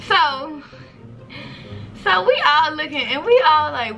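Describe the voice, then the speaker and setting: A woman in her twenties telling a casual storytime to camera, animated and profane, with sudden high squeals when she quotes people. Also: measured pace, pauses often, faint music behind. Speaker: vlogger.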